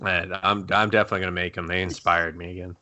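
A young adult man co-hosting a podcast in casual chat, animated and laughing, swearing freely and acting out scenes. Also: deep voice, fast. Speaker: podcast co-host. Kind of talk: casual chat reviewing anime.

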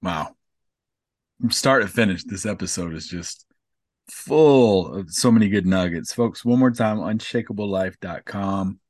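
A man's voice: sits low, measured pace, a little mellow, no echo. A man hosting a podcast interview, enthusiastic and encouraging as he wraps up with his guest. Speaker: podcast host.

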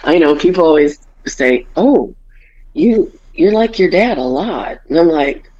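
A woman in her forties telling family stories in casual podcast chat, animated and quick to swear. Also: low voice, lo-fi sound. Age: 40s. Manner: animated storytelling, acts out family quotes, swears freely. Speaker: podcast co-host.

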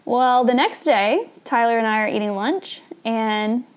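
A woman's voice: a little high, unhurried. A young woman hosting a podcast, telling a story in a casual, chatty way with plenty of fillers and laughs. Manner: chatty, laughs often, lots of "like" and "you know". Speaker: podcast host.

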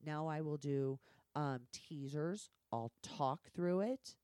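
A woman's voice: sits low, slow, clear, resonant tone, dry recording, clean studio sound. A woman telling candid, profane stories from her work in a casual podcast conversation. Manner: blunt, profane, animated storytelling. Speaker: guest.

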